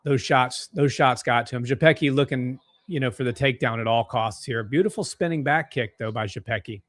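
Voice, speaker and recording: A young man co-hosting a live fight watch-along from home, calling strikes excitedly and reading out chat comments. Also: medium pitch, fairly quick, dry recording. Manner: excitable, gasping at big strikes.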